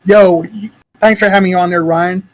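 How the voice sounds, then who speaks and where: A man's voice: high voice, fairly even intonation, moderate pace, poor audio. A man giving an upbeat sign-off as a guest on a gaming stream. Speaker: podcast guest. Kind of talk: casual outro chat.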